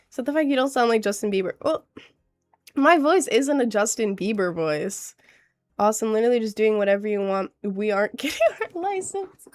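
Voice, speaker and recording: A woman in her late teens with a cold, chatting casually on a livestream in a stuffy, slightly nasal voice, bubbly and rambling. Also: medium pitch. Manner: bubbly, rambling, quick to laugh. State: has a cold. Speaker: streamer.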